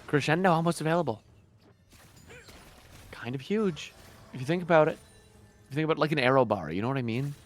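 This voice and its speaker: A man calling the action in a live esports match, lively and rising in pitch during the plays. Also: quick pace, pauses often, faint music behind. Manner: energetic, rises in pitch when calling the action. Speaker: esports caster. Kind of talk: esports play-by-play commentary. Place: broadcast booth.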